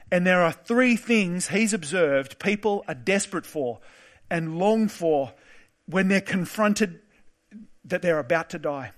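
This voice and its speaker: A man preaching a sermon in a relaxed, conversational storytelling way, with occasional filler words. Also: high voice.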